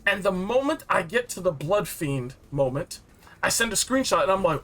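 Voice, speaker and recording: A man recapping a story game in a rambling, excitable, slangy way, full of fillers and asides. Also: high-pitched, a little fast. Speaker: game reviewer.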